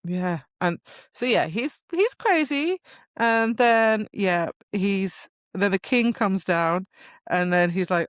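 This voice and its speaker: A woman's voice: mid-range voice, animated, takes it slowly, dry recording, studio quality. A woman co-hosting a book podcast, recapping the plot in casual chat and laughing often. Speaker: podcast co-host.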